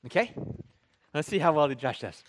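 A man's voice: fairly high pitch, lively intonation, moderate pace. A man preaching a sermon in a conversational, jokey way, repeating key phrases for emphasis and joking with the congregation. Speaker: pastor.

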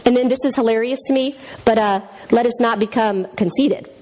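A middle-aged woman with a high, light voice gives a church talk, mixing scripture with funny stories from her family life. She is animated and theatrical, acting out each voice she quotes. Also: fairly quick. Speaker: women's speaker. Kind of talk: humorous teaching talk with personal stories.

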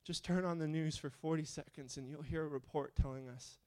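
A man preaching a sermon, moving between quiet questioning and loud, fervent appeals. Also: a little high, fairly even intonation, a little fast.

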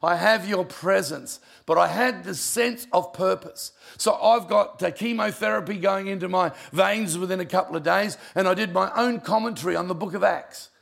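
An older man, a pastor telling personal stories in a sermon, emotional and conversational, with a gravelly voice. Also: sits high, moderate pace, hardly any pauses, a bit bright. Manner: emotional, conversational storytelling with asides. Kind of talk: sermon storytelling.

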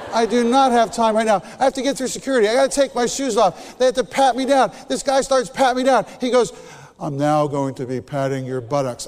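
High-voiced male preacher in a reverberant hall. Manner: animated storytelling that sinks to a hushed near-whisper. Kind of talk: storytelling sermon.

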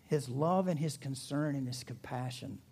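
Southern pastor telling a story casually. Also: male voice, mid-range voice, normal speed, vocal fry, darkish tone, husky. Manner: conversational storytelling with humor, asides and restarts. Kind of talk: sermon.

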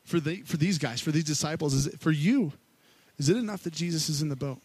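A man with a fairly high voice preaches in an easygoing, storytelling manner, sprinkling his sermon with casual asides and filler words. The sound is dry and close, with no room echo. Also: fast talker, darkish tone, husky. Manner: casual and storytelling, with many fillers, acting out quotes. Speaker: worship pastor. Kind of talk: conversational sermon.

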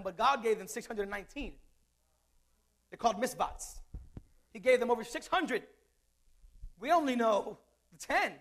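A man preaching a sermon in a conversational way, mixing scripture with jokes and asides. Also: very high voice.

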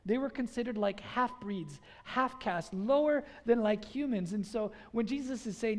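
Lively preacher in a reverberant hall. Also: mid-range voice, normal speed. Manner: energetic and conversational, has the congregation repeat phrases; casual filler "like" throughout. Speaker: pastor. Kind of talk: sermon.

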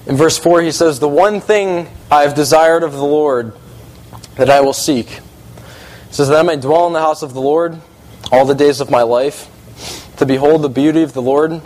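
A man preaching a casual sermon, animated and emphatic, repeating phrases as he talks through verses. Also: a little fast, poor audio. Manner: animated, emphatic, rises in pitch when excited.

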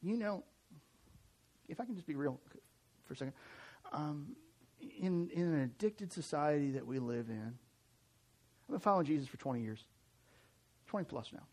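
A man in his forties from the United States delivers a sermon in an easy, conversational manner, tripping over and restarting his sentences as he talks. His voice sits a little high and swings between loud and soft. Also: moderate pace, pauses often. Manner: conversational and animated, with frequent restarts. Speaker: pastor. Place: church hall with an audience.

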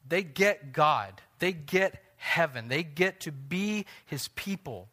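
A man in his thirties preaching a sermon, earnest, building to emphatic peaks and then dropping to a soft, quiet delivery. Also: fairly high pitch, expressive, takes it slowly. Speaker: pastor.

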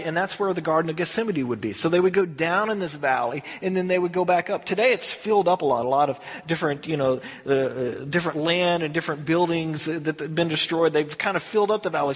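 Casual Bible teacher in an echoey hall. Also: male voice, high-pitched, a bit bright, breathy edge. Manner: casual, storytelling with acted dialogue. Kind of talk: verse-by-verse Bible study.

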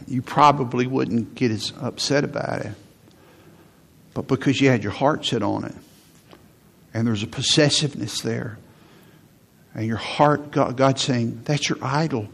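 Guy preaching a sermon, gravelly and a bit husky, chatty, acts out what people would say. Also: mid-range voice, a little slow, pauses often, a bit bright. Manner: conversational preaching, acts out quotes. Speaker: pastor.

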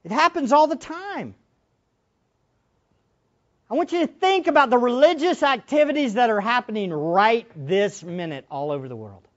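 A woman preacher giving an impassioned sermon, moving between loud exclamations and hushed asides. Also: fairly high pitch, expressive, normal speed. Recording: dull lo-fi sermon recording.

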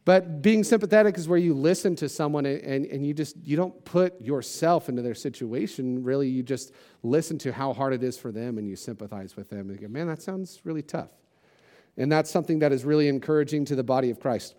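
A man's voice: mid-range voice, fast talker, hardly any pauses, warm tone. A man preaching a sermon as a pastor, casual and conversational, with self-deprecating jokes and lots of "like" and "you know".

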